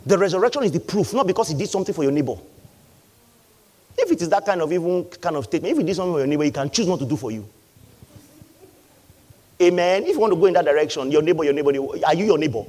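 A man's voice: high voice, darkish tone. A man preaching a sermon. He talks emphatically, repeats key lines and acts out voices from the congregation. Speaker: pastor.

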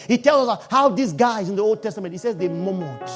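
Man preaching hard, high pitched, gets loud and emphatic, bit of music behind. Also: a little fast, few pauses. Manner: emphatic, animated preaching with sudden loud outbursts. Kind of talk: sermon.

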